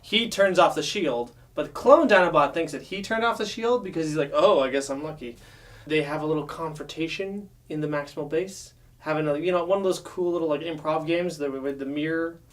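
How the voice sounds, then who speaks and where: A man co-hosting a casual review show, playfully retelling the plot and slipping into quick character voices. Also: a little high, recorded from a distance. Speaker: co-host reviewing a cartoon series.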